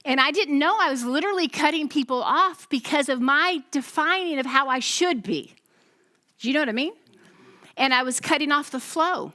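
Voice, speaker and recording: Her voice sits high and her pace is moderate as this pastor gives a testimony sermon to her congregation. She brings the story to life, acting out every voice she quotes.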